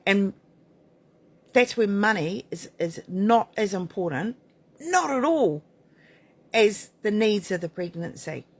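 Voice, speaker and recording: A woman's voice: mid-range voice, unhurried. A middle-aged woman midwife giving a frank, emphatic talk to camera, blunt and candid. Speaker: midwife and maternity author.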